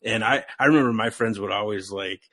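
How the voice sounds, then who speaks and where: A man's voice: lowish voice, a little fast, bright, forceful tone, no echo, clean studio sound. A man hosting a wrestling podcast, talking casually with lots of "like" and frequent laughter. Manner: rambling, heavy use of "like", laughs often.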